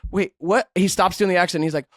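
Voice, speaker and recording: High-voiced man teasing on a podcast. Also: fairly even intonation, very fast, a bit bright, no echo, studio quality. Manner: teasing, chuckling, loose phrasing. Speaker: podcast co-host. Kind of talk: casual podcast chat.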